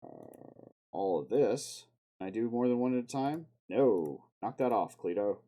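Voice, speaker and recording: A man's voice: on the low side, very animated, measured pace, creaky, mellow. A man streaming live, talking to himself as he edits a video, swearing often and breaking into sudden outbursts. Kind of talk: casual self-talk while video editing on stream.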